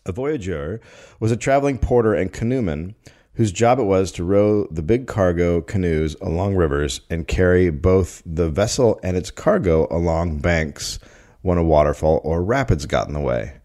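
A middle-aged man hosting a podcast, reading out a history story and breaking off for deadpan jokes. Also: deep voice, moderate pace. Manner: deadpan storyteller, jokey asides.

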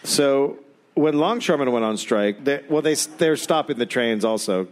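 A man hosting a live comedy podcast, telling a history story with dry, deadpan asides. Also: mid-range voice, moderate pace. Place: live stage before an audience.

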